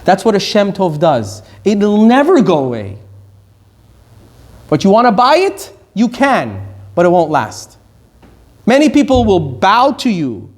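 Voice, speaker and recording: A middle-aged rabbi from Iran giving a Torah lecture in a fairly high man's voice. He leans hard on key phrases and draws them out, then hurries through his side remarks. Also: wildly swooping pitch. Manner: emphatic, slows down on key words and speeds through asides.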